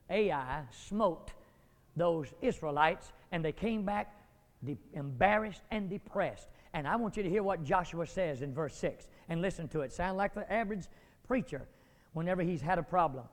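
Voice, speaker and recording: A man preaching a dramatic sermon, acting out biblical figures and climbing to near shouts. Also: high-pitched. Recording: long hall reverb.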